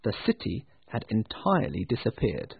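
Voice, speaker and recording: A man narrating a storybook with an expressive, lingering delivery. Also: on the low side, moderate pace, gravelly, a little hiss or hum. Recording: tinny phone-like dry sound.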